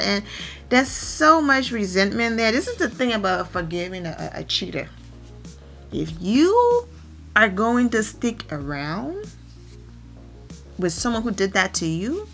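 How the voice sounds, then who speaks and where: Bright-voiced woman with animated commentary. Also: mid-range voice. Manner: animated, opinionated, quick asides. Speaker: reality TV recap host. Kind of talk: casual commentary recap.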